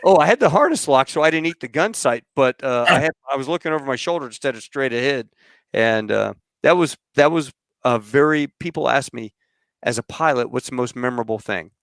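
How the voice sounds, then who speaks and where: A man's voice: medium pitch, fairly quick, clean tone, no echo, clean studio sound. Rambling middle-aged man telling stories. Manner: rambling, animated storyteller who acts out quotes. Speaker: podcast host. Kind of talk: casual storytelling chat.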